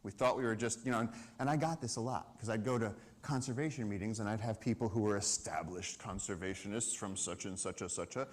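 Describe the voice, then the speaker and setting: Lively man telling a story on stage. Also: fairly low pitch, fairly quick, hardly any pauses. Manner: lively storyteller, acts out dialogue and shouts. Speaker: conservation speaker. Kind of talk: animated storytelling talk. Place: live event stage.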